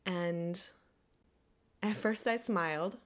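A woman hosting a podcast, talking earnestly and reflectively, now and then laughing softly. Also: fairly low pitch, slow. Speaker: podcast host. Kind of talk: personal monologue.

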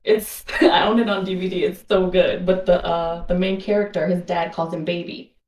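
A woman caller chatting on a podcast, filling her talk with ums and likes. Her lowish voice comes through roomy and distant, as if from across a room. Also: fairly even intonation, moderate pace, a little mellow. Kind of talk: casual call-in chat. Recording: roomy remote call.

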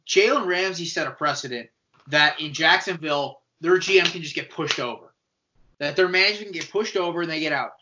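A man co-hosting a casual sports podcast, animated and argumentative, acting out quoted voices as he makes his point. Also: a little high, slight background noise. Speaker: podcast co-host. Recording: dull lo-fi podcast audio.

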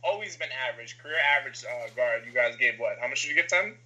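Very bright, blunt football needler. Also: male voice, mid-range voice, animated, quick pace, lo-fi sound. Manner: blunt, needling, tells anecdotes. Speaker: podcast co-host. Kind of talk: casual sports debate.

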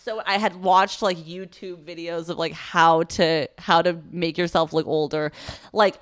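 A woman's voice: fairly low pitch, unhurried, no echo, studio quality. Profane, rambling young woman storyteller. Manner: rambling, profane, animated retelling with acted quotes. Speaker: podcast co-host. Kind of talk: casual storytelling chat.

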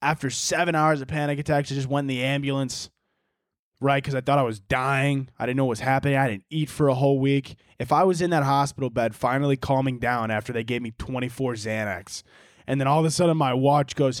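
A man's voice: medium pitch, lively intonation, brisk, dry recording, clean studio sound. A young man hosting a solo podcast, rambling casually, swearing often and laughing at his own jokes. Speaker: podcast host.

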